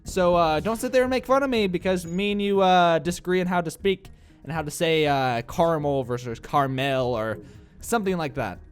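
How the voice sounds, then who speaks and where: A young man with a Midwestern accent rambles through casual let's-play commentary, tossing in filler uhs and jokes at his own expense. His voice is smooth and clear, sitting a little higher than most men's, and slightly congested from allergies. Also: animated, brisk, faint music behind. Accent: Midwestern American. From American Midwest. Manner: rambling, self-mocking, many filler uhs. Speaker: gameplay commentator.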